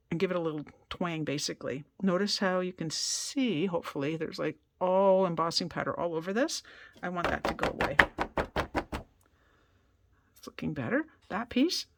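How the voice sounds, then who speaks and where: A woman's voice: fairly low pitch, animated, moderate pace, long pauses. Woman craft demonstrator, casual and self-deprecating, home studio with a hair dryer noise in the background. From Canada. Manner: chatty, self-deprecating, thinks aloud.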